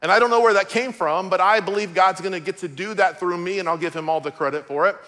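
Bright-voiced, high-pitched male pastor preaching. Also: fast talker. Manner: storytelling, emotional, shifting from loud to hushed. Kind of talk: sermon.

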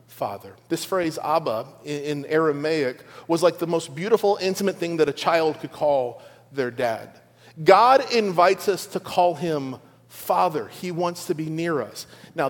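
A middle-aged man preaching a conversational sermon to his church, with playful asides to the congregation. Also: fairly high pitch. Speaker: pastor. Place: large church auditorium. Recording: long church hall reverb.

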